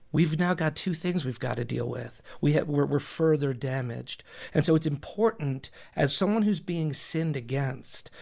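Pastor guest, male, slightly high pitch, earnest teaching tone, talks through examples. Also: vocal fry. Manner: explains with examples, repeats himself while thinking. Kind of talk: earnest advice in a recorded talk.

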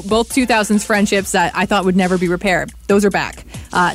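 A woman co-hosting a morning radio show, chatting casually and playfully about celebrity gossip. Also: mid-range voice. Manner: gossipy, playful, laughs often. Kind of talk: casual chat.

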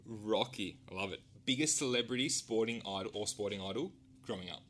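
A man hosts a casual podcast interview, firing friendly, playful quick questions at his guest. His voice sits fairly low but has a bright, forceful edge. There is a faint hum of background noise.

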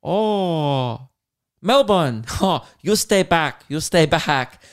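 A man's voice: lowish voice, very animated, slow pace, a little mellow, pitched below the performer's own voice, exaggerated voice. A man voicing a curt, wary female motel clerk in a clipped, blunt way.

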